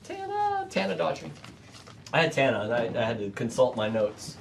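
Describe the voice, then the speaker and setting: A man's voice: mid-range voice, huge pitch swings, normal speed, vocal fry. A man hosting a casual panel chat, joking and laughing often. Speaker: host. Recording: distant mic, faint background noise.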